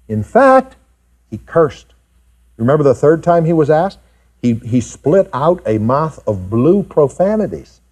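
A man preaching a sermon to his congregation, animated and rising high in pitch when he acts out doubters. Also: unhurried, husky. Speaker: pastor. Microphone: pulpit mic recorded for tape.

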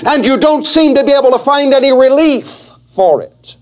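A man preaching a sermon, slow and earnest, with dramatic pauses between phrases. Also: very high-pitched, animated.

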